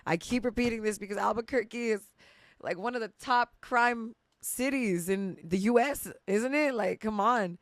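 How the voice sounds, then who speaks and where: A woman's voice: on the high side, moderate pace, no room sound. A young woman hosting a podcast, telling a rambling personal story with lots of laughs and casual swearing. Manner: chatty and emotional, laughs often, swears casually. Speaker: podcast host.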